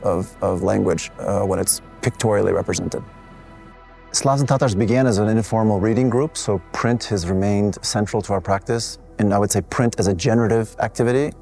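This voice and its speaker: A man who is an artist presenting his collective's exhibition, walking listeners through the works in a measured, explanatory way with occasional restarts. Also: fairly low pitch, creaky, mellow. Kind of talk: gallery walkthrough talk. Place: art gallery.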